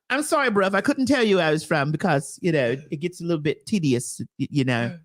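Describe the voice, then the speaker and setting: A woman's voice: on the low side, big pitch swings, moderate pace. A woman hosting a comedic talk show, playful and theatrical, laughing often as she hams up a mock British persona. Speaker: host.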